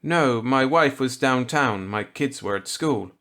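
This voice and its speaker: A man voicing a panicked middle-aged shopkeeper, pleading and shouting in desperation. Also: mid-range voice, expressive, unhurried, pitched above the performer's own voice. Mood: shaken.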